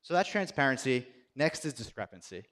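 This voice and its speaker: A young man, a software engineer, giving a casual, chatty conference presentation with lots of "like" and self-deprecating asides. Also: mid-range voice, big pitch swings, a little fast. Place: conference stage.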